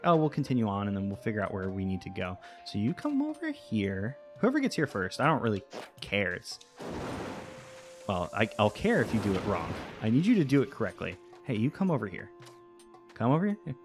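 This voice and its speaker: Low-voiced male let's-player, loose rambling chat with self-deprecating jokes, soft game music underneath. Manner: rambling, self-mocking, talks to game creatures. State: voice getting worn. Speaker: let's play host. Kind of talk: casual gameplay commentary.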